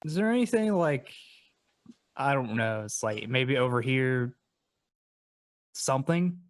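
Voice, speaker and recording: A man's voice: mid-range voice, expressive, unhurried, no echo. Hesitant man asking questions at the game table. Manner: hesitant questions full of fillers. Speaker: player. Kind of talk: casual chat at a game table.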